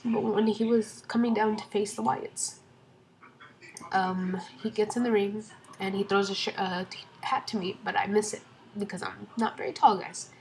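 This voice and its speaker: An excited young woman chats through a storytime vlog at home, her pitch sitting right in the middle. She rambles with plenty of ums and restarts. A faint hiss of noise sits under her voice. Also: moderate pace, poor audio. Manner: excited, rambling with many fillers. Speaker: vlogger.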